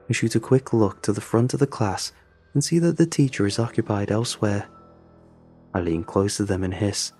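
A man reading a first-person horror story aloud in a measured, brooding way. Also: on the low side, expressive, mellow, breathy edge, soft background music. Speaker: narrator.

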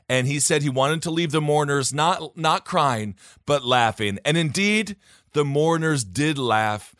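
A man co-hosting a podcast in casual comedic chat, animated and joking as he reads stories aloud. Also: on the high side, slow pace, dry recording, clean studio sound. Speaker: podcast co-host.

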